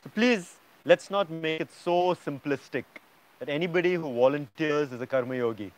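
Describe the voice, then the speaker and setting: A man's voice: fairly high pitch, moderate pace, poor audio. A man teaching a yoga class, lecturing students emphatically and often checking in with "yeah?".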